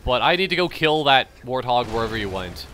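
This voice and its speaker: A man's voice: mid-range voice, sing-song, fairly quick, pushed and bright, a little hiss or hum. A young man with a light Canadian accent, rambling chattily as he comments on his own gameplay. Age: young adult. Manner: rambling, chatty, thinking aloud. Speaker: gamer commentator.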